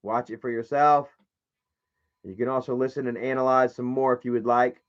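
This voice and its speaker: Speaking at a moderate pace in a mid-range voice with fairly even intonation, a male streamer reads chat messages aloud while mocking and swearing casually. The recording is muffled, lo-fi stream audio.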